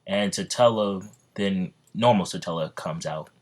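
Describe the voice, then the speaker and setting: A man retells a fan story in a loose, off-the-cuff way, rambling and stopping to correct himself. His voice is low and deep, and the telling stays unscripted. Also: measured pace.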